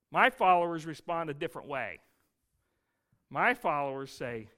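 A male pastor preaching a sermon, telling the story lively and acting out scenes. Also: on the high side, unhurried.

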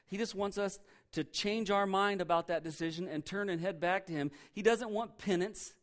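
Earnest and emphatic, this pastor preaches at a moderate pace. Repetition of key phrases marks his delivery, and he goes soft and low on the lines that matter most.

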